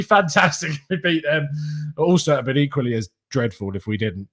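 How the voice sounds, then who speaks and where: Chatty young man, slightly high voice. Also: big pitch swings, moderate pace. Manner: chatty, laughs often, reads comments aloud. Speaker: fan channel host reading live chat. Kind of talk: casual live-stream chat.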